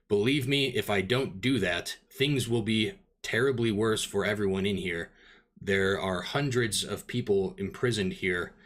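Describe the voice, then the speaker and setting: A stern, short-tempered fallen nobleman, as played by a man running a tabletop game. His voice sits on the low side and comes across forceful as he lays out how things work among the prisoners. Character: bitter male former nobleman, prisoner overseer.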